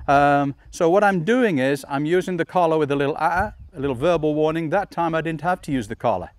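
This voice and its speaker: A man training a dog outdoors, explaining each step and calling the dog with calm, coaxing commands. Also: a little high, quick pace, no echo. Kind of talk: instructional demonstration. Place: outdoors in a field.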